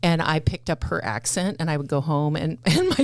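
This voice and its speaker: A woman's voice: low-pitched, very animated, normal speed, no room sound. An American woman hosting a casual podcast, talking in a chatty, rambling way with many fillers. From United States. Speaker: podcast host.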